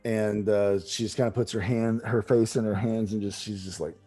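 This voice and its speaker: A man's voice: on the low side, steady tone, moderate pace, mellow, breathy edge, soft background music. A man running a tabletop game as dungeon master over an online call, narrating casually with many hesitations and fillers. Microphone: online call microphone.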